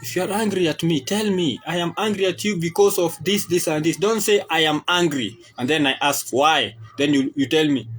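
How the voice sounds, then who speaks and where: A young Kenyan man with a Kenyan accent, switching between English and Swahili in a casual opinion monologue. He talks in an animated, exasperated way. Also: on the high side, normal speed, few pauses, soft background music, low-quality recording. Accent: Kenyan English with Swahili and Sheng code-switching. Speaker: podcast host.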